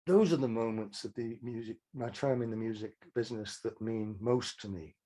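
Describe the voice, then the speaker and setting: Brief: older man, husky voice, frank storyteller who restarts his sentences. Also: on the low side, moderate pace, warm tone. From Manchester, England. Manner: rambling anecdotes with restarts, frank. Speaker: songwriter guest. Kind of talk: casual interview storytelling.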